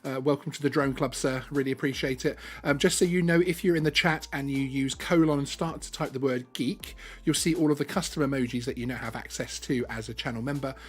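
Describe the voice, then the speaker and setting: A man's voice: mid-range voice, a little fast, few pauses. A man hosting a live stream, talking casually with many ums and restarts. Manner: chatty, lots of ums and restarts.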